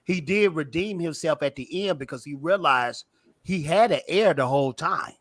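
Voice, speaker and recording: A man's voice: on the high side, normal speed, fairly bright tone, no room sound, studio quality. A man co-hosting a podcast, chatting in a laid-back way. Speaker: podcast co-host. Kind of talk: casual chat.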